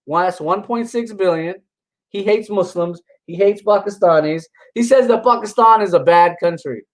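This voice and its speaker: A man with a high-pitched voice comments on videos from a religious angle, speaking at a moderate pace. Casual but combative and dismissive, he rambles, starts sentences over, and lets out scoffing laughs between points, all in poor audio.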